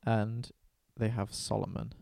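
A man's voice: lowish voice, little pitch movement, unhurried, creaky, mellow, no room sound, clean studio sound. A man casually retelling a Bible story in an irreverent, sweary way, acting out the characters' lines.

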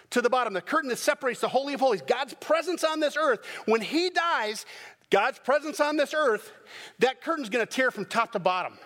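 Animated male pastor preaching in reverberant church. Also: extremely high pitch. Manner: animated preaching, dramatic bursts when acting out scenes. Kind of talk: sermon. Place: church sanctuary. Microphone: microphone.

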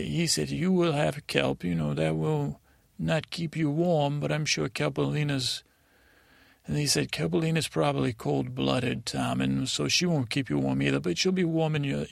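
Man playing gravelly, dreamy young Prince Tommen. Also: a little high, no echo, clean studio sound, full character voice. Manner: halting and rambling, full of restarts and retold dialogue. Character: naive, dreamy young male prince, easily confused. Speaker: podcast host. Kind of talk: rambling sleep-story monologue in character.

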